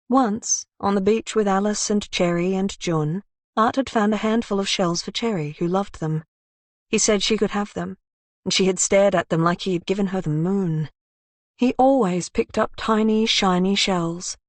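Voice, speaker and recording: A woman narrating a crime thriller audiobook in an even, measured way. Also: mid-range voice, no echo.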